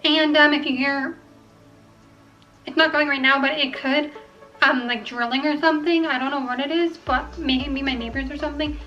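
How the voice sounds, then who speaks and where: A young woman chatting casually to camera at home, rambling and filling pauses with ums as she weighs each choice. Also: sits high, fairly even intonation, pushed and bright, muffled recording, soft background music. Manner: chatty, rambling, filler-heavy. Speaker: vlogger. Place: home room.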